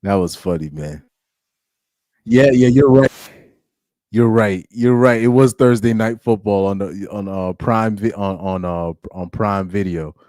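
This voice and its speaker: A man's voice: fairly low pitch, normal speed, few pauses, a little mellow, dry recording, clean studio sound. Laid-back man rambling over a football game. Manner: laughs often, loose and rambling with many restarts. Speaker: live-stream host reacting to a football game. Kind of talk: casual live reaction commentary.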